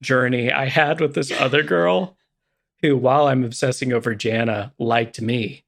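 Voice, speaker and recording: A man's voice: mid-range voice, normal speed, vocal fry. A man co-hosting a podcast, telling a rambling, self-deprecating story in casual chat. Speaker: podcast co-host.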